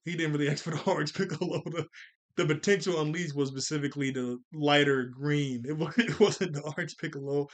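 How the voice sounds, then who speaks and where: Male host with a slightly high voice doing loose, excitable film commentary, quick to laugh. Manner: excitable, laughs often, stumbles over words. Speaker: channel host reacting to an anime film.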